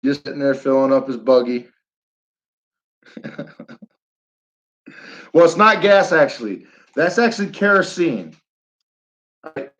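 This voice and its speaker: A man's voice: fairly high pitch, expressive, unhurried, pauses often, fairly bright tone. A man from Northern New York chatting casually to his viewers, rambling and chuckling as he tells a story. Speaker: live stream host. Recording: dull lo-fi audio.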